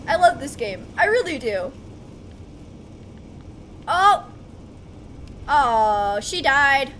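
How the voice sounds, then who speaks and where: A woman streamer giving casual gameplay commentary, excitable and talking to herself, with yelps as she plays. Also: high voice, slow pace, long pauses, background noise. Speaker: gaming streamer.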